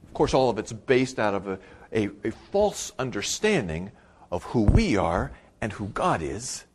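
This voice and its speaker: A man preaching a sermon. He swings from loud, emphatic bursts to quiet asides and repeats his key phrases for weight. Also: fairly low pitch, big pitch swings, a little slow, a little hiss or hum. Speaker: pastor.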